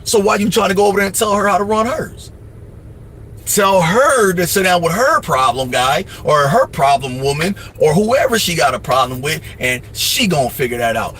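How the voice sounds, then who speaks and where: A man's voice: high voice, animated, normal speed, a bit bright, slight background noise. Blunt, profane man giving life advice. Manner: mimics others in asides. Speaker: livestream host. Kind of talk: casual advice monologue.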